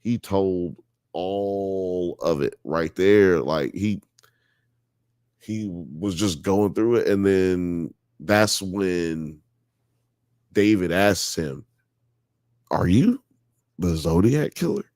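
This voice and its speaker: A man's voice: deep voice, extremely slow, a little mellow, clean tone, no echo, studio quality. A man hosting a live show, telling a story in casual chat, full of "you know" and "blah blah," and growing emphatic when worked up.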